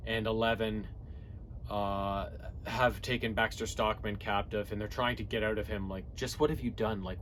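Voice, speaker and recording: A man's voice: lowish voice, slight background noise. Man rambling through a comic recap. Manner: rambling, loose recap with many fillers and restarts, quick quoted asides. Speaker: comic book reviewer. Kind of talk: casual spoken comic review, recapping plots.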